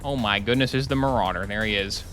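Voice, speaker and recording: A man's voice: fairly low pitch, fast talker, a bit bright, faint music behind. A young man streaming a game live, chatting casually and joking with his chat while he plays. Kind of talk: live gameplay commentary.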